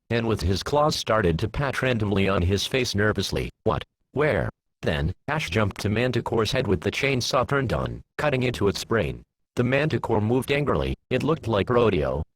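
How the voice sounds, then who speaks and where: A man reading a fan story aloud, giving the characters lowered voices. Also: slightly rough, rough recording. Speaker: fan fiction reader.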